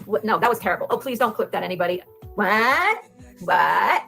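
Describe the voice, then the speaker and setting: Gravelly-voiced woman, earnest guest. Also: medium pitch, animated, fairly quick, pushed and bright, soft background music. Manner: earnest, repeats herself, trails off with fillers. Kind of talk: casual talk.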